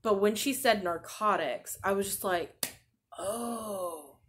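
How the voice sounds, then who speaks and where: A new mother in her thirties, short on sleep, hosts a podcast with a medium-pitched voice and a slightly slow delivery. Her talk is casual and rambling, peppered with "like."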